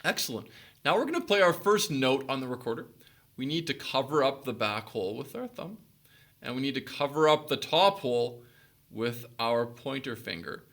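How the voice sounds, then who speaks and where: Music teacher guy walking kids through recorder basics, bright voice, lots of "excellent"s. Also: medium pitch, very animated, normal speed. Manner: encouraging, instructional, praises often. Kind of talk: recorder lesson for children.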